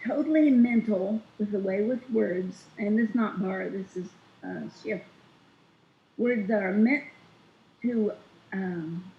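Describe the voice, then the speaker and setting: A woman guest on a casual political talk show, speaking deliberately and emphatically. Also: mid-range voice. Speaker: guest analyst. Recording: echoey lo-fi call audio.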